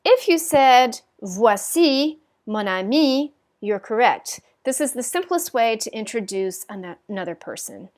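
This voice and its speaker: Woman, fairly high voice, French teacher, recorded lecture, patient, frequent ums, models phrases aloud. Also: animated, normal speed, few pauses, a little mellow.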